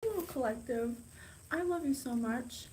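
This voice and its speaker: A woman hosting a psychic channel, talking casually and excitably straight to her viewers. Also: high voice, moderate pace, a little hiss or hum, poor audio. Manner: chatty, bubbly, gushing and excitable. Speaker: psychic podcast host. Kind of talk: casual direct-to-camera talk.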